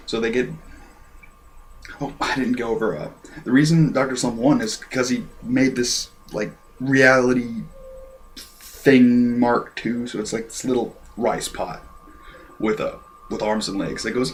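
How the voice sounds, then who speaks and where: A man giving a casual, rambling review of an anime episode and clearing his throat often. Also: mid-range voice, measured pace, slight background noise.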